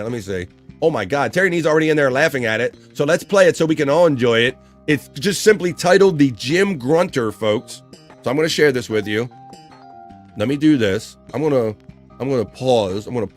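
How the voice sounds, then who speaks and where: Man, live show host, casual joking, reads chat aloud, faint music behind. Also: mid-range voice. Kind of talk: casual livestream talk.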